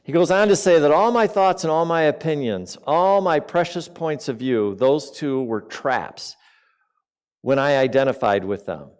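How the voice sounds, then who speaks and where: A man delivers an informal sermon to a spiritual community in an easy, conversational tone. His voice keeps jumping between forceful bursts of emphasis and soft, low asides. He often turns to his listeners with direct questions. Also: a little slow, smooth. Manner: conversational, with sharp swings between loud emphasis and quiet asides; asks the audience questions.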